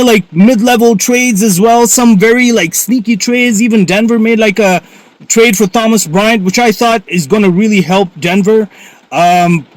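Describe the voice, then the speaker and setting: A man giving casual, animated basketball commentary to his viewers and laughing often. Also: sits high, no echo. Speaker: sports vlogger.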